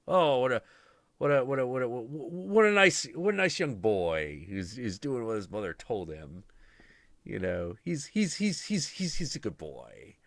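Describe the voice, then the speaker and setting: A man's voice: medium pitch, big pitch swings, a little slow, gravelly, fairly bright tone, no room sound, pitched above the performer's own voice, exaggerated voice. A man voicing a group of fussy gods who fret over the boy. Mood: cheerful. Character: chorus of fussy, exasperated gods.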